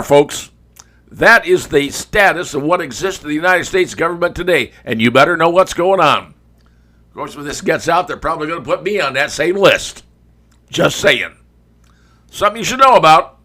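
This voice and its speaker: A man's voice: fairly high pitch, lively intonation, normal speed, sharp tone. A male talk show host giving a folksy, conversational opinion monologue, speaking straight to his viewers.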